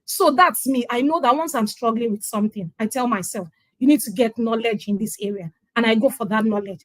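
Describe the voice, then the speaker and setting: A woman's voice: a little high, fairly quick, no room sound, low-quality recording. A middle-aged Nigerian woman, a guest on an interview, telling her story emphatically and acting out quoted dialogue. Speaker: interview guest sharing her parenting journey. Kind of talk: conversational testimonial.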